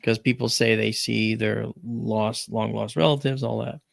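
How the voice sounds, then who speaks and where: A man's voice: lowish voice, measured pace, creaky, no echo. A man hosting a talk stream, chatting casually and telling a family story with lots of animation. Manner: animated storyteller, acts out quoted voices. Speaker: podcast host.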